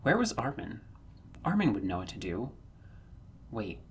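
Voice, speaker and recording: A man narrating a fan-written story, reading in a measured, earnest way that rises when the tension builds. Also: fairly low pitch, big pitch swings, a little hiss or hum. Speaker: audiobook narrator.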